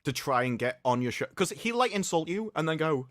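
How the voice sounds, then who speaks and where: A man talking casually as a podcast guest, retelling scenes in an animated, incredulous way into his own microphone. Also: fairly high pitch, fast, no echo, clean studio sound.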